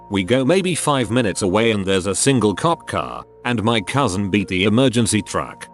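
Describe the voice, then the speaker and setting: Male story narrator, low voice with lively swings; scripted, dry-humored asides over faint music. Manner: wry, with joking asides between stories. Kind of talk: scripted narration of online stories.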